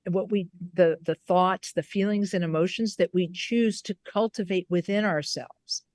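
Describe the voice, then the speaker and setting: A woman Buddhist teacher telling a story on a video call, unhurried and given to restarts and repeated words. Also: on the low side, a little mellow, no echo. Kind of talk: storytelling in a recorded conversation.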